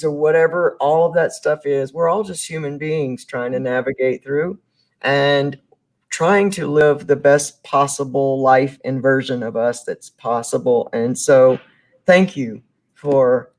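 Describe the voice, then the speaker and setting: An effusive, encouraging podcast host wraps up a live show, speaking straight to the audience. The voice sits at a middling pitch. It comes over a video call.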